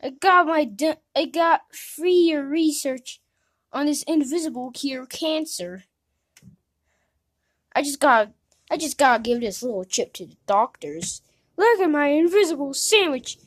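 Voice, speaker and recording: A woman voicing a comedic fan animation, jumping between mumbled asides and shouted outbursts. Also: high voice, animated, measured pace, dry recording, studio quality. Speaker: narrator and voice actor of a fan animation.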